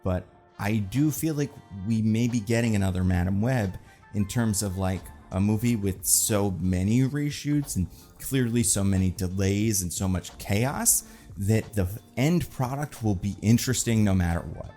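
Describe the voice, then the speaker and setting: A man's voice: lowish voice, moderate pace, dark tone, faint music behind. A man hosting casual, rambling movie commentary in a sarcastic, joking tone with lots of fillers. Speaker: film commentary host.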